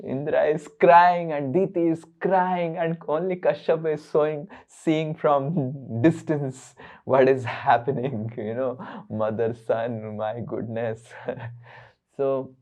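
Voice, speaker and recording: A man's voice: fairly high pitch, slow, long pauses, darkish tone, lo-fi sound. A man giving a playful scripture lecture, leading verse chants and chuckling as he explains. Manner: playful, chuckling, with frequent fillers. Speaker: spiritual teacher.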